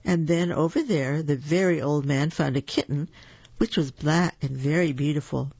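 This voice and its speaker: A storyteller reading children's picture books aloud in a slow, gentle and expressive way. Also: medium pitch, creaky, breathy edge, no echo. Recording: dull lo-fi recording.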